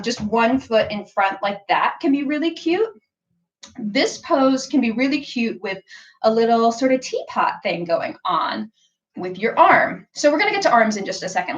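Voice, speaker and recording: A woman's voice: fairly high pitch, fairly bright tone, muffled recording. Chatty woman giving a live-stream tutorial. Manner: chatty, frequent "like" and "um", bursts of playful sounds. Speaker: sewing pattern designer hosting a live stream.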